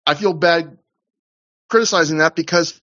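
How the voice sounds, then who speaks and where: A man's voice: on the high side, moderate pace. Rambling podcast guy, lo-fi sound. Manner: rambling, many fillers and restarts, animated. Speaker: podcast co-host. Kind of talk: casual podcast chat reviewing a wrestling show.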